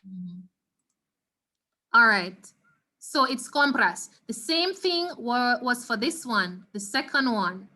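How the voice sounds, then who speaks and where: A Jamaican woman leads an online Spanish lesson through her computer mic, patiently sounding words out again and again for her students. Her voice sits a little high and comes across bright and crisp. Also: lively intonation, slow. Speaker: Spanish teacher. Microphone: computer mic on a video call.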